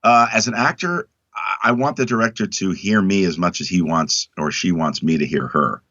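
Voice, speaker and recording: A man talking as a guest in a casual interview, emphatic and animated, acting out quotes in other voices. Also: low-pitched, normal speed, no echo. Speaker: actor guest. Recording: dull lo-fi dry sound.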